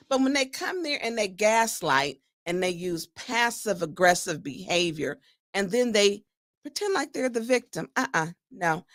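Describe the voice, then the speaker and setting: A woman hosting a talk show, giving animated, indignant commentary on a clip and laughing often. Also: on the high side, unhurried, no echo, studio quality. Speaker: show host.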